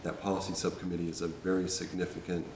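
A man's voice: sits low, flat delivery, quick pace. A man on a school board agreeing in a hesitant way at a public meeting. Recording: echoey hall with room noise.

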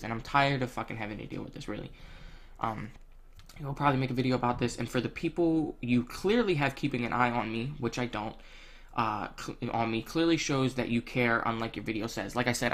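A man's voice: medium pitch, fairly bright tone. Blunt, profane young man. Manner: blunt, profane, heated, with many ums. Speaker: vlogger. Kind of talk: casual rant to camera.

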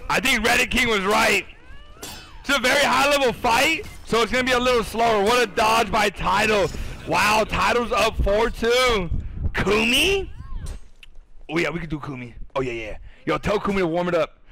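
A man commentating video game duels live on stream, excitable and profane, bantering with chat and yelling reactions. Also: high-pitched, normal speed, vocal fry, poor audio. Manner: excitable, swears a lot, yells at chat.

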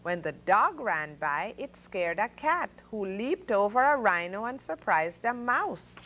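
A woman storyteller reading picture books to children, lingering over each phrase at a slow, unhurried pace. Her pitch rises and falls in a lively, animated way as she acts out the animal noises and builds each moment of the tale. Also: slight background noise, rough recording. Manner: expressive, sound effects and voices for animals. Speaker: storyteller host. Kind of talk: reading children's stories aloud.

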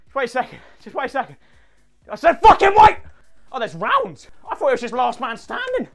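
A man giving loud, sweary, jokey gaming commentary as a YouTuber, often breaking into shouts. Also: very high-pitched, wildly swooping pitch, quick pace, creaky.

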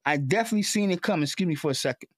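Heated New fan ranting. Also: male voice, fairly high pitch, expressive, rapid-fire, husky, no echo, studio quality. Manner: repetitive, heated, stammering at times. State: emotional. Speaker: sports fan commentator. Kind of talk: emotional sports rant.

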